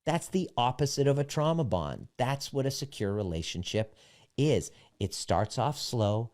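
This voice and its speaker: A man's voice: medium pitch, sing-song, a little slow, a little mellow. A man, a relationship coach, tells a candid personal story and draws earnest lessons from it, blunt and emphatic and swearing freely. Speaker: self-help relationship coach.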